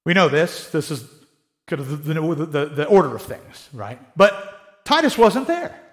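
A man's voice: a little high, sing-song, measured pace. A man preaching a sermon in a conversational way, often acting out the voices of people he quotes. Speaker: pastor.

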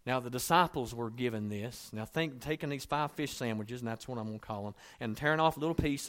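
A man preaching a sermon in a conversational, storytelling way, dropping to soft asides and rising to emphatic points. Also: medium pitch, expressive, brisk, hardly any pauses. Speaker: pastor.

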